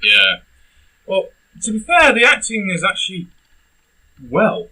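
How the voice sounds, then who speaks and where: Ranting young man, bright and high. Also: wildly swooping pitch, unhurried, breathy edge, poor audio. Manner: ranting, bursts into shouting. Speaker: film reviewer co-host. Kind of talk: casual comedic film review chat.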